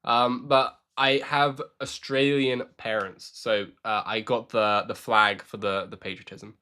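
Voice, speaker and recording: A man's voice: fairly low pitch, steady tone, unhurried, pushed and bright, smooth. A young man chatting casually with his live-stream audience while playing chess, joking and answering questions.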